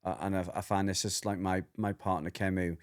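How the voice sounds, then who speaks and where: A middle-aged man chats loosely on a podcast. His voice sits a little low. He rambles, stumbles over his words and laughs easily. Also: brisk, clean tone. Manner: rambling, animated, repeats words, laughs often. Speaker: podcast co-host, dog trainer. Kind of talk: casual chat.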